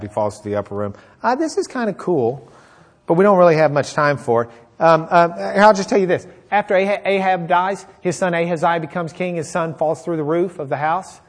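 A man preaching a conversational sermon, retelling a Bible story and acting out its characters. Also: on the high side. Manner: animated storyteller, acts out characters; conversational with fillers.

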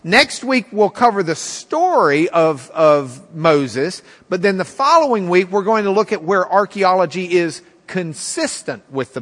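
Bright-voiced man lecturing in a reverberant room. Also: high voice. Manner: conversational, halting, lots of ums and restarts. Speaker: Bible class teacher. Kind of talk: storytelling lecture. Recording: long reverb in a large room.

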